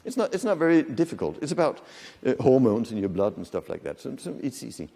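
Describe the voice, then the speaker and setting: Lively male lecturer in a reverberant hall. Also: mid-range voice, quick pace, gravelly, husky. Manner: lively, demonstrates voices, asks the audience questions. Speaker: conference speaker. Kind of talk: lecture to an audience. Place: conference hall.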